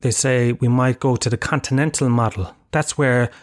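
A man's voice: mid-range voice, fairly even intonation, normal speed. An Irish man in his thirties hosting a podcast alone, rambling and swearing in a self-mocking way. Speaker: podcast host. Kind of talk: casual solo monologue. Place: home room with bookshelves.

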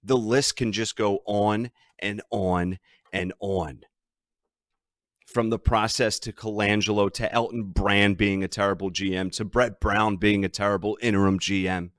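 A man hosts a sports betting podcast, ranting emphatically about his team's troubles. His voice is lowish, steady and a bit bright, his pace measured, and the recording dry with clean studio sound.

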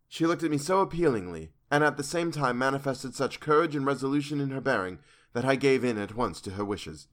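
Male narrator, measured, earnest, mid-range voice, audiobook reading. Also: mid-range voice, lively intonation. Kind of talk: scripted literary narration.

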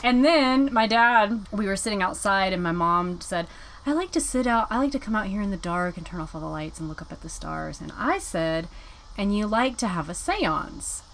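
A woman's voice: mid-range voice, normal speed. A woman with a North Carolina twang co-hosts a casual podcast. She laughs easily and tells her stories with animation. A faint hum sits under her voice. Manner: giggly, animated storyteller. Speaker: podcast co-host. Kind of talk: casual chat. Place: inside an RV.

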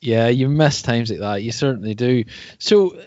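Podcast host with a dull lo-fi sound. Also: male voice, mid-range voice, normal speed, a little mellow. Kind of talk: casual interview.

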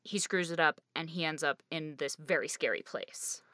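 A woman with a slightly low voice co-hosts a casual book podcast. She talks fast and loose, leaning on "like" and "kind of". The sound is dry and close, with no room echo. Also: sharp tone. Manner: chatty, many fillers like "like" and "kind of". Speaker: podcast co-host.

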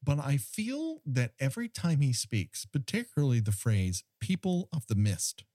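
A man's voice: mid-range voice, very animated, moderate pace, dark tone, dry recording, studio quality. A man co-hosting a podcast in casual chat, ranting with wry, mock-indignant humor. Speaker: podcast co-host.

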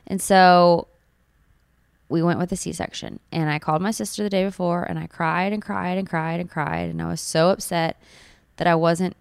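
Earnest, gushing young mother, crisp voice. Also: on the low side, fairly even intonation, moderate pace, no room sound. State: tearful at times. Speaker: new mother telling her birth story. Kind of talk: personal storytelling.

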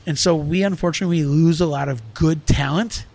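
A middle-aged restaurant owner talking earnestly in a casual podcast conversation, rambling with lots of fillers. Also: male voice, fairly high pitch, fairly quick, darkish tone.

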